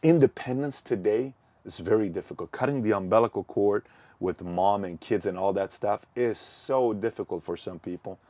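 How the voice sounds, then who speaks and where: Guy lecturing hard on his business channel, kinda low voice, keeps asking why and answering himself. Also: warm tone, dry recording. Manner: punchy, rapid-fire rhetorical questions; emphatic, repeats key points. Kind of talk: motivational talk to camera.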